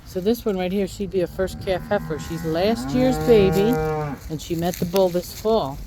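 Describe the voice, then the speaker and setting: A woman's voice: mid-range voice, moderate pace. An American woman farmer in a casual vlog, talking sweetly to her cows in a muddy pasture. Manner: coos and talks sweetly to the cows. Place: outdoors in a muddy farm pasture.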